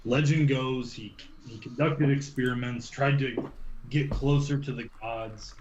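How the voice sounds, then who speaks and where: A man voicing a stern, wry old human warrior in a tabletop game, speaking in a measured, storytelling way. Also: medium pitch, steady tone, a little mellow, echoey room, highs cut off, slight background noise, natural voice. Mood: grave.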